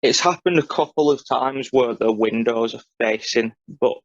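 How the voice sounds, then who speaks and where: A man's voice: mid-range voice, moderate pace, highs cut off. A man co-hosting a podcast, explaining in a dry, matter-of-fact casual chat. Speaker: podcast co-host.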